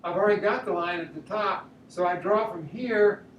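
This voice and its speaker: A man's voice: sits high, normal speed, dull audio. Art teacher, male, talks his steps aloud mid-sketch; echoey room, distant mic. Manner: thinks aloud step by step while drawing. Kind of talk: drawing demonstration lesson. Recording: roomy echo, mic at a distance, faint room noise.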